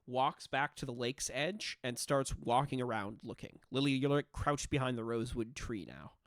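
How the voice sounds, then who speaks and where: A man's voice: mid-range voice, normal speed, no room sound, clean studio sound. A man narrating a tabletop role-playing game as game master, describing scenes with frequent filler sounds.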